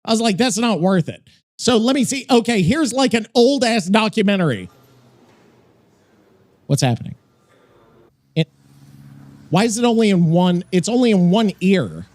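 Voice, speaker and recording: A man hosting a podcast in casual chat, rambling, swearing and excitable. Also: high voice. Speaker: podcast host.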